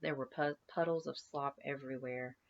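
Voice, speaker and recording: A woman teacher reads a novel aloud to her class, conversational and chatty, pausing to quiz her students. Her voice is low with a gravelly rasp. The recording is slightly dull and lo-fi, with a faint hiss behind it. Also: steady tone. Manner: conversational, asks students questions between passages.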